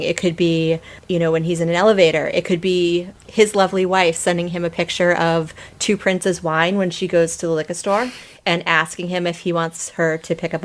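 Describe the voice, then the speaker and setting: A woman from Boston, a guest on a podcast, chatting casually with laughing, self-deprecating asides. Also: lowish voice. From Boston, USA.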